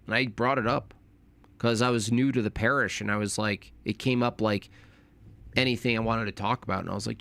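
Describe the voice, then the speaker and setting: A man's voice: fairly low pitch, steady tone, fairly quick, gravelly, a bit bright. A young man talking casually on a live stream, rambling and correcting himself, with informal slang.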